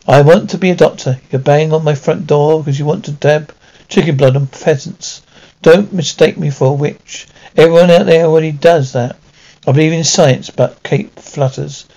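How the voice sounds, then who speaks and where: Man reading earnest young woman, blunt, dark voice, dull recording. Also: a little high, close to an everyday voice. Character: determined young woman seeking to be a doctor.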